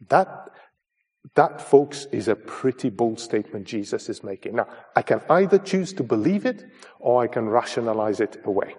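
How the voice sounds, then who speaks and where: A man's voice: medium pitch, lively intonation, normal speed, darkish tone, slightly rough. A man preaching a sermon, earnest and emphatic, who calls his listeners folks as he presses his point home.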